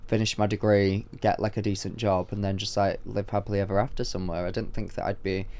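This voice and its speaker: A young man in his twenties co-hosting a podcast, telling stories in a casual, animated way with lots of fillers. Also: lowish voice, fast talker. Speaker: podcast co-host. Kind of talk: casual chat.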